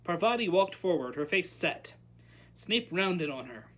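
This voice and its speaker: Lively, bright-voiced storytime reader. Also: medium pitch, measured pace. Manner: animated, shouting out characters' lines. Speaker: librarian reading aloud. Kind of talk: storytime read-aloud of a novel.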